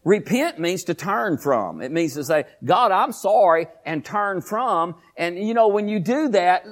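A male pastor preaching a sermon in a folksy, animated way, rising into emphatic bursts. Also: high-pitched.

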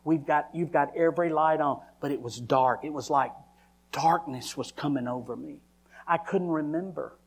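A man, preaching a personal testimony in a dramatic storytelling manner that sometimes drops to hushed, whispered lines. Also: fairly high pitch, moderate pace, slightly rough. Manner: dramatic storytelling, acting out his own cries. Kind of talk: testimony sermon.

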